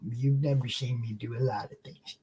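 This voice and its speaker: A woman's voice: very deep voice, fairly even intonation, moderate pace, warm tone, husky, exaggerated voice. A woman playing a lazy male slacker who lives in a basement, drawling along in a laid-back way. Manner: laid-back, drawling, calls people bro and man. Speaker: co-host. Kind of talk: comedy sketch show.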